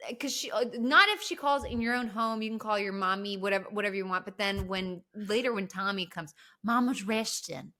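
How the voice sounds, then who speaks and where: Woman podcast host, bright tone, animated casual film recap with the odd curse. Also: mid-range voice, brisk, few pauses. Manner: animated storyteller, swears casually. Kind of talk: casual movie recap chat.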